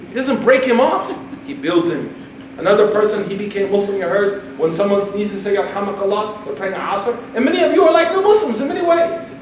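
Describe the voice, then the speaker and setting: High-voiced man preaching in an echoey hall. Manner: animated, jokey, acts out quotes. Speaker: imam giving a talk. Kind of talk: casual humorous religious talk. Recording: echoey hall from far off, noisy.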